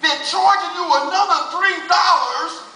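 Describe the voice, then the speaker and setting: An older man doing stand-up comedy on a casino stage, with loud punchy delivery and shouted punchlines. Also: very high voice, unhurried. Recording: echoey audience recording from far off. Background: faint crowd laughter.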